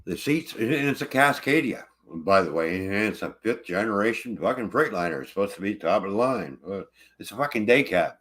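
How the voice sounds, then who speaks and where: A man's voice: fairly low pitch, animated, brisk, fairly bright tone. A truck driver ranting angrily about his truck, swearing constantly in casual livestream talk.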